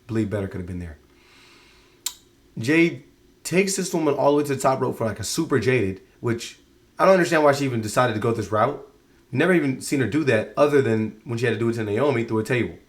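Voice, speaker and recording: A man's voice: medium pitch, brisk, long pauses. A man giving a casual spoken review of a show, exasperated and rambling, often restarting his sentences.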